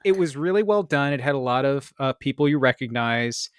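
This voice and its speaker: A man's voice: medium pitch, expressive, fairly quick, clear, resonant tone, no echo, studio quality. A man co-hosting a podcast in casual chat, talking in a rambling way with lots of restarts. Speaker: podcast co-host.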